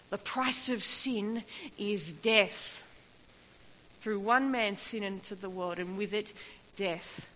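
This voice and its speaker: Captured in dull lo-fi sound with long hall reverb, a woman preaches a sermon in an echoing hall. Her pushed, bright, high-leaning voice carries impassioned emphasis that rises and falls.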